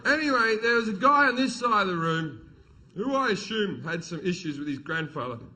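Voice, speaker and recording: A man's voice: high voice, very animated, fairly quick, bright, forceful tone, slight background noise, rough recording. A middle-aged man performing stand-up, telling stories in a blunt, profane, swaggering way. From Australia. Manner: profane, blunt, swaggering delivery with acted quotes. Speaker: stand-up comedian. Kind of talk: stand-up comedy storytelling. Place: live comedy venue with audience.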